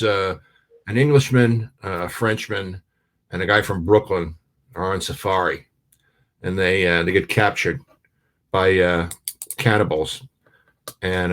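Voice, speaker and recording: A middle-aged comedian guest with a low, fairly bright voice tells a joke and chats casually. His storytelling is laced with plenty of fillers.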